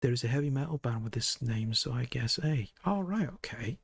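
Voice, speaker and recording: Man, streamer, gravelly husky voice, joking casual chat, dry close sound. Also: medium pitch, lively intonation, fairly quick, no room sound. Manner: chatty, joking, laughs often.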